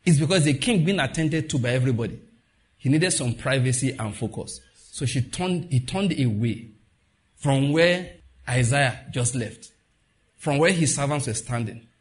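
A man's voice: medium pitch, expressive, moderate pace. A male pastor giving a sermon in a loose, conversational way, laughing as he retells stories and acting out the voices he quotes.

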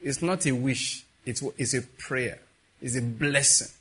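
A man preaching a sermon, telling stories with quiet asides that build to emphatic peaks. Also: medium pitch, measured pace, breathy edge. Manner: storytelling with soft asides and rising emphatic peaks.

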